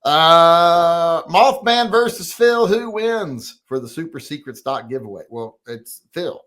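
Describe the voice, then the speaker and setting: A man's voice: on the high side, expressive, slow, fairly bright tone. A man hosting a casual livestream, rambling and swearing as he chats with viewers over a computer microphone. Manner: rambling, profane, talks to himself and chat. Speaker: livestream host.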